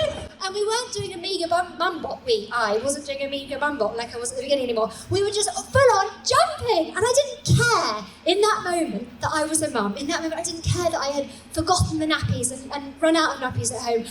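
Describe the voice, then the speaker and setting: A woman in her forties telling comic personal stories on a small comedy stage, animated and self-mocking. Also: very high-pitched, far from the mic. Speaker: storyteller. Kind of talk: comic live storytelling. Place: small comedy venue, indoors. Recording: echoey live room with background noise.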